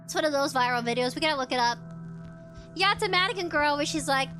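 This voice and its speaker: A woman streaming a game from home, chatting casually in a giggly, animated, rambling way. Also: high voice, fast talker, music in the background. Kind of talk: casual live-stream chat. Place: home room with a computer and a dog.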